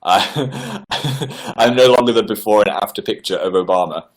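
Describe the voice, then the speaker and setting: A man hosting a casual livestream, chattily reading out viewer messages and answering them, his pitch often jumping up on exclamations. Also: normal speed. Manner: chatty, animated, reads messages aloud with upward-jumping pitch. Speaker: livestream host. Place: indoors at home.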